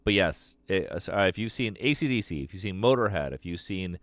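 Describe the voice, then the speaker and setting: A man's voice: sits low, animated, fairly quick, a bit bright. A man hosting a live stream and taking callers, talking in a loose, profane, rambling way. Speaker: host taking live calls. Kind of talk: casual live-stream chat. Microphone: streaming mic.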